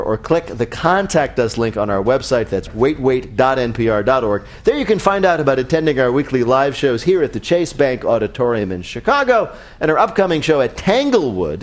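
A man hosting a radio quiz show, with a wry, joking delivery. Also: medium pitch.

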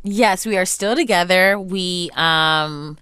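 A woman's voice: lowish voice, takes it slowly, clean tone, dry recording. A young woman being interviewed about her book, talking candidly and acting out what other people said, with lots of "like" fillers. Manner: animated, acts out quoted voices, frequent "like" fillers. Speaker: interview guest, author.

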